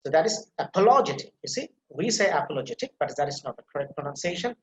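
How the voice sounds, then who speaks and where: A man's voice: on the high side, lively intonation, fast. A male pronunciation teacher takes a class through words one syllable at a time. He repeats each word over and over for the learners to echo back. His voice rings in a roomy space. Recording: echoey room.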